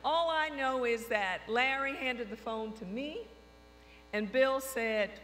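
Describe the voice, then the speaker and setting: A woman telling a lively anecdote, acting out the dialogue with frequent quotes. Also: on the high side, slow. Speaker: storyteller recounting her career. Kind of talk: anecdotal storytelling to an audience. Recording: long reverb hall with faint mains hum.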